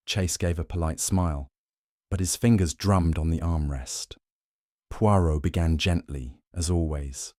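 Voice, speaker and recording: Casual: man narrating an old-style mystery audiobook, deep voice, steady, dry close mic. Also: dry recording. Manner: measured, even storytelling. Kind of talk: scripted first-person narration.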